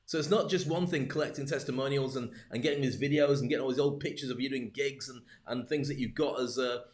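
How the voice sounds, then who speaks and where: A man giving a live-streamed business coaching talk, lively and jokey, speaking straight to his viewers. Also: mid-range voice, quick pace.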